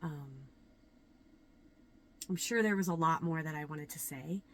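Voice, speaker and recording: A woman's voice: low-pitched, a little hiss or hum. Reflective woman yoga teacher, um-filled. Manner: earnest, reflective, many ums and pauses. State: a little nervous. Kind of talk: casual talk to camera.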